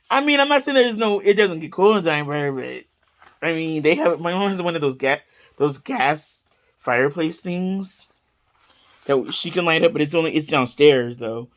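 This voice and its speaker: A woman's voice: low voice, lively intonation, a little slow. A woman chatting casually in a home vlog, rambling through her story with lots of fillers and frequent giggles. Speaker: vlogger.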